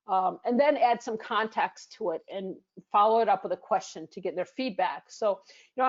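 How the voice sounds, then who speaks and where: A woman's voice: mid-range voice, moderate pace, muffled recording. An American woman coaching business English in a screen-share lesson, explaining with frequent fillers and restarts. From United States.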